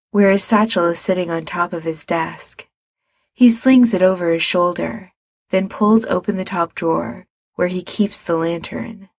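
A woman narrating a story aloud in a calm, measured reading. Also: fairly low pitch, vocal fry, no echo, studio quality. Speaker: audiobook reader.

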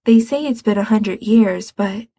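An earnest young man from a storybook who speaks softly and a little hesitantly, voiced by a woman reader. His voice is breathy and unhurried. It is recorded close and dry. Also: mid-range voice, no echo. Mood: uncertain. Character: earnest young man, caring older brother.

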